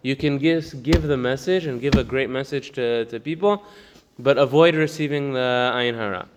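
This Torah teacher has a mid-range voice that carries the sound of a big room. Teaching a casual class, he quickly reads the Hebrew aloud before explaining it in English with frequent laughter.

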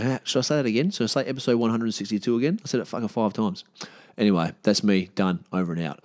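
A man's voice: on the low side, fast, a little mellow, no echo, clean studio sound. A man hosting his own podcast, talking casually and bluntly with plenty of swearing. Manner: blunt, swears freely, rambling. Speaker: podcast host. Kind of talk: casual solo podcast outro.

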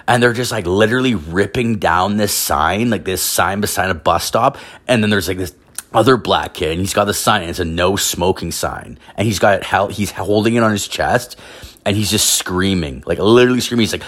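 A man's voice: low-pitched, normal speed, fairly bright tone. A man ranting casually, rambling with constant filler words and heavy swearing. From Canada. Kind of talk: profane casual rant.

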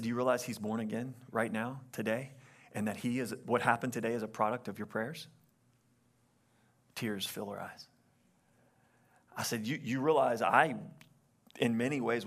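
A young adult man, a pastor, telling a story in a sermon in an animated way and acting out the quotes. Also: medium pitch.

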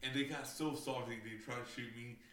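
A little fast, with a mid-range voice, fairly even intonation and a fairly bright tone, the man recounts gaming stories casually, cursing and leaning on fillers. The roomy recording, from a distant mic, carries faint ambience and a little hiss or hum.

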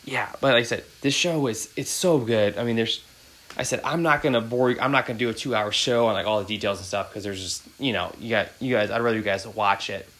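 A man's voice: lowish voice, quick pace, a bit bright, rough recording. A man in his thirties hosting a podcast, chatting casually and rambling with many fillers. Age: 30s. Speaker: podcast host.

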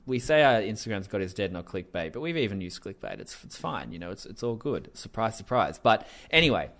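A man hosting a casual commentary podcast, animated and profane, laughing often as he talks. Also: lowish voice, brisk. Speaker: podcast host.

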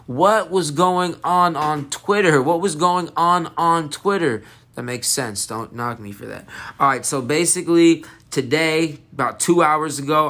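Rambling excitable man, high. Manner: rambling, excitable, jumps off topic. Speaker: podcast host. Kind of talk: casual solo podcast rant.

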